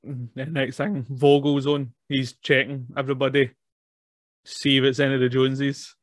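A man's voice: mid-range voice, little pitch movement, moderate pace, no echo, clean studio sound. A man, chatting casually about a film, laughing often as he recaps scenes. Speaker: podcast co-host.

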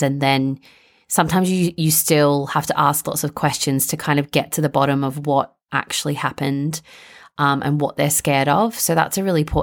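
A young woman hosting a parenting podcast, talking casually and chattily with lots of "like" and "um". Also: low-pitched. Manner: chatty, filler-heavy, with frequent "like" and "um". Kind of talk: casual solo podcast chat.

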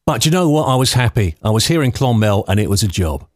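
A man's voice: lowish voice, very animated, fast talker, no echo, studio quality. A man in his fifties from London hosting a podcast, telling personal stories in a chatty, nostalgic way. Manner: chatty, nostalgic, anecdotal with light laughs. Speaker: podcast host.

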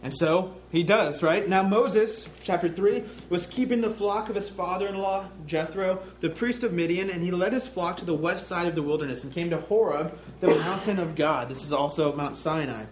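A man delivers a sermon in a chatty, down-to-earth way, often tossing in quick checks with his listeners. His voice sits a little higher than most men's, and it swells into emphatic, reflective passages. A faint hum of room ambience lies underneath. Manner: conversational, with tag questions to listeners. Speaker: preacher. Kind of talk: sermon with scripture reading.

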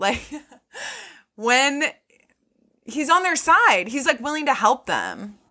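A woman co-hosting a podcast in easy, casual chat. Her voice is bright and forward, and she jumps into quick impressions of film characters. She swears freely and gets more animated as she goes. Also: high voice. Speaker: podcast co-host.

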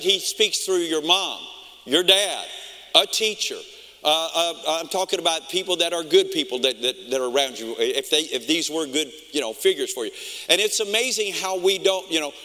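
High, bright-voiced preaching man. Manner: animated storytelling, acts out his own reactions. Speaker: pastor. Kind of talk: sermon. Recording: long reverb of a large hall.

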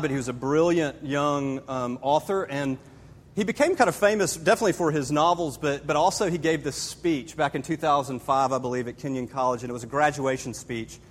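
A man with a somewhat high voice delivers a relaxed, story-driven sermon. He keeps turning to the audience with casual asides as his words echo through a large hall with a long reverb tail. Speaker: pastor. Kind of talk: conversational sermon with a personal story.

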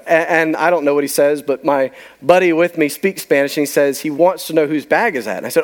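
A man's voice: on the high side, lively intonation, normal speed, hardly any pauses. A man preaching a sermon, telling a story with emphasis and letting key lines trail off to a near-whisper. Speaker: pastor.

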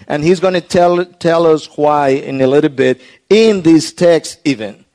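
A man delivering a sermon in an earnest, explanatory way, often restarting his phrases as he works through a text. His voice sits somewhat high for a man, and he speaks slowly and deliberately. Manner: hushed, soft prayer. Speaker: pastor.

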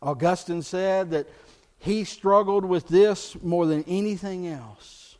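High-voiced preacher giving a sermon. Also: male voice, takes it slowly. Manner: earnest, rises in pitch and volume for emphasis, drops low and soft on key points. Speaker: pastor. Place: church.

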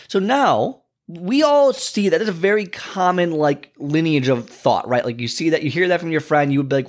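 A man's voice: fairly high pitch, lively intonation, a little fast. A man hosting a fitness podcast, giving a casual motivational talk full of fillers and restarts. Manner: conversational, many fillers and restarts.

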